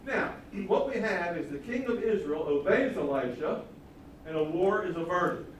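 A preacher with a slightly high voice teaches from the Bible at a moderate pace, retelling the story with animated flair and acting out the characters' voices. He's recorded from a distance in a very echoey hall with faint background noise.

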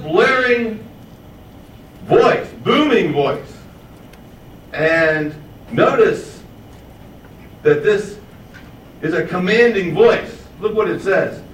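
A man preaching a verse-by-verse Bible sermon, putting questions to his listeners and drawing out key words slowly for emphasis. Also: sits high, fairly bright tone, slight background noise. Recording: echoey, distant room mic with faint ambience.

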